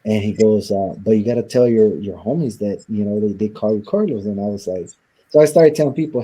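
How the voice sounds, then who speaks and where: A man speaks in a husky, low voice with a dark, mellow tone. He tells his story earnestly and reflectively, slipping into the voices of the people he quotes, at the easy pace of an interview conversation. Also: a little fast, poor audio. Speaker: interview guest.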